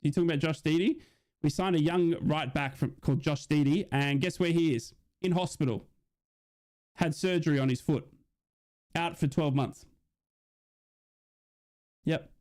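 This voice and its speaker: Excitable Australian man rambling over football. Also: on the high side, moderate pace, long pauses. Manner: rambling, excitable, frequent "you know what I mean", swears in frustration. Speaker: football watch-along streamer. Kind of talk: live commentary chat with viewers.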